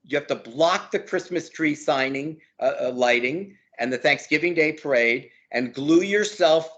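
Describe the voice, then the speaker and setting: Emphatic high-voiced man. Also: a little slow, a bit bright, muffled recording. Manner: emphatic, repeats words for force. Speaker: law professor and guest. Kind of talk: heated interview talk. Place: lives in Brooklyn.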